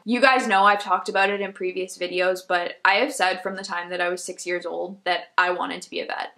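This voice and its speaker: A woman in her twenties tells a personal story to camera in a chatty, animated way, leaning on fillers as she goes. Her voice is bright and clear, sitting at a middling pitch. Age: 20s. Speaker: vlogger, veterinary student. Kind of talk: storytime vlog.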